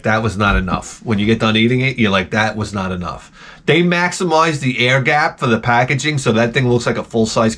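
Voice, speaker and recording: A man's voice: fairly high pitch, a bit bright. Profane rambling male storyteller. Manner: profane, rambling storyteller who acts out his own reactions. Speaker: channel host. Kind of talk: rambling casual monologue.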